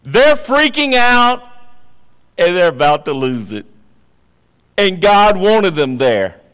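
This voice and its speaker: Guy preaching slow and high, big echoey church hall, goes hushed then loud. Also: very animated, clear, resonant tone. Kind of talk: sermon.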